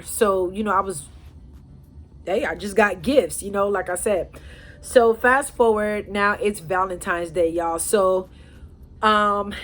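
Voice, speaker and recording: A woman telling a personal story to her viewers in a chatty, animated way. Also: medium pitch. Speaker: storyteller, channel host. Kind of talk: casual storytime vlog.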